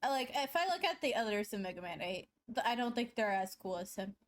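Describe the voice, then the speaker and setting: High-voiced giggly woman streamer. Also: big pitch swings, brisk. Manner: giggly, rambling, laughs often mid-sentence; playful self-mocking banter. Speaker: artist streaming live. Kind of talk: casual chat to stream viewers while drawing.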